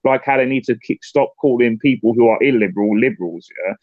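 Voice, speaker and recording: A man's voice: mid-range voice, no echo. A man talking politics in a loose, casual way, tripping over his openings and repeating words before his point lands. The sound is dry and dull, with a lo-fi, muffled edge. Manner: halting, repeats words when starting sentences. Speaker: political candidate.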